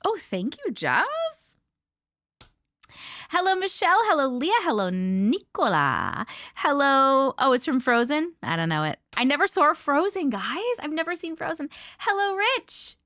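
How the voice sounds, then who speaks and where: Woman, livestream host, high voice, very lively pitch, bubbly, chatty, dry close sound. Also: dry recording. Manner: bubbly, chatty, quick to laugh. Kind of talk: casual live chat greeting viewers.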